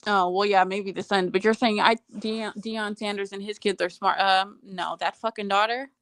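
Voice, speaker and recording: Brief: female co-host, mid-pitched, gossipy and blunt, dry close recording. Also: steady tone, normal speed, a bit bright, no echo. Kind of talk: casual late-night chat.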